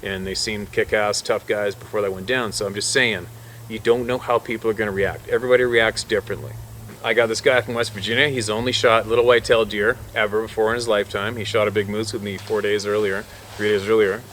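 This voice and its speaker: A man working as a hunting guide, telling a wild story in a casual, animated way and swearing freely. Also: fairly low pitch, fast talker, slight background noise.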